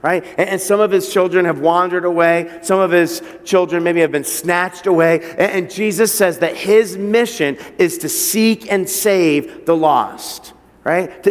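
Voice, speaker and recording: A man's voice: high-pitched, a little slow, in a large hall. A man preaching a sermon as pastor, telling a story with frequent stutters on repeated words and building to emphatic passages. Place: church hall.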